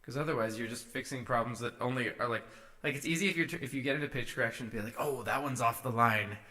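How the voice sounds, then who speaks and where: A man's voice: medium pitch, very fast, music in the background. A man casually talking through his vocal edits on a live stream, musing to himself as he works. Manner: musing to himself, sings short takes. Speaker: streamer producing music.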